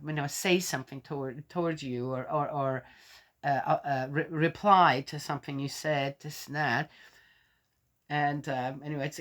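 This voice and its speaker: A woman's voice: deep voice, fairly bright tone. An older woman in a rambling, chatty talk, sharing a story and a blessing with her viewers. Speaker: faith vlogger. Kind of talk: casual chat.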